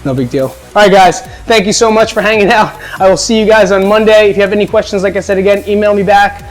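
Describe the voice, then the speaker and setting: High-voiced upbeat fitness coach man. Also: little pitch movement, fast talker, faint music behind, low-quality recording. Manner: upbeat, encouraging, joking. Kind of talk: home workout instruction. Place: at home.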